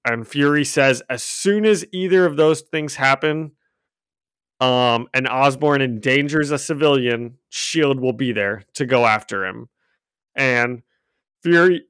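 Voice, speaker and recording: A man's voice: mid-range voice, fairly bright tone, smooth, dry recording. A man co-hosting a casual comics podcast from home, chatty and laughing often as he acts out quotes. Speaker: podcast co-host recapping comics. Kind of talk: casual chat. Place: home room with a cat. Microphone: own desk microphone.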